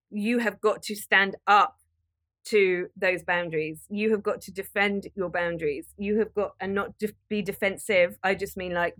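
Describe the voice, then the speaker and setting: A woman, hosting a podcast and giving earnest, direct, gently emphatic advice. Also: medium pitch. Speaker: podcast host. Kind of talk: motivational advice talk.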